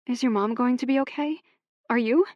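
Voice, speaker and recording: A woman narrator voicing an upset young woman, with lines pitched high and spoken emphatically. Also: moderate pace, a little mellow, no echo, muffled recording, close to an everyday voice. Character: young woman, upset and hurt, quick-tempered.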